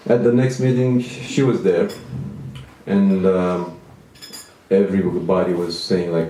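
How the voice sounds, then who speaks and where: A man's voice: low voice, steady tone, measured pace, mellow, far from the mic, a little hiss or hum. A man in his thirties doing a stand-up comedy set, self-deprecating and rambling with restarts, in a small venue. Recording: echoey room, mic from afar.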